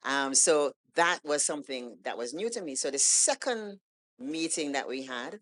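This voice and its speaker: Woman, low voice, animated storyteller, podcast guest, acts out dialogue. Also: normal speed. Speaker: guest poet. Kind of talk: casual storytelling in an interview.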